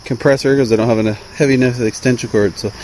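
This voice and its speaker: A man's voice: medium pitch, fast talker. A man casually showing how to check a truck's front end outdoors, rambling with lots of ums and uhs as he works. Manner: relaxed, rambling, full of ums and uhs while working. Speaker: DIY mechanic showing truck repairs. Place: outdoors beside a truck, away from the house. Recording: noisy outdoor recording.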